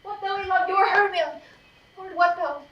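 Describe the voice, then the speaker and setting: A woman's voice: extremely high pitch, moderate pace, muffled recording. An actress playing a lovesick, self-pitying young woman, pleading in impassioned stage verse on a live stage. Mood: wounded. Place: theater stage. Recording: echoey stage, recorded from far off.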